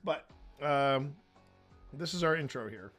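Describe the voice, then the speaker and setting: A man's voice: fairly high pitch, animated, slow, fairly bright tone, faint music behind. A man hosting a paranormal investigation channel, chatting casually with many stumbling restarts. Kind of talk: casual chat, footage review.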